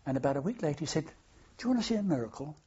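His voice on the high side, sing-song, warm and husky, an older war veteran races through anecdotes very fast in an oral history interview. He rambles and restarts as he goes, on dull lo-fi archive tape.

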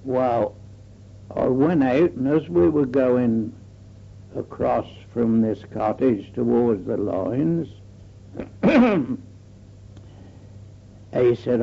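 A man's voice: medium pitch, animated, extremely slow, vocal fry, pauses often, lo-fi sound. An older man recalls his wartime days in a rambling oral-history manner, full of fillers and restarts. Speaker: war veteran recalling memories.

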